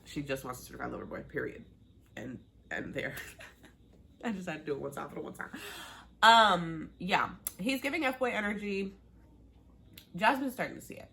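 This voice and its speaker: Woman recap vlogger, lowish voice, bubbly and chatty with viewers, faint hiss. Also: gravelly, pushed and bright. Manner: bubbly, laughs often, talks to viewers.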